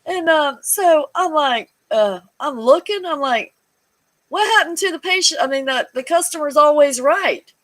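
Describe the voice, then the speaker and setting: This guest's voice sits high and keeps a normal speed as she tells a personal hospital story in a casual chat. The audio is poor, but her storytelling is animated, full of laughter and performed voices.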